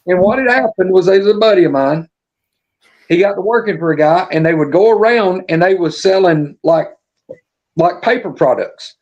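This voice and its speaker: Man, casual storytelling, folksy, profane, acts out dialogue, high voice, dull lo-fi sound. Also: normal speed, a little mellow. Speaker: podcast storyteller.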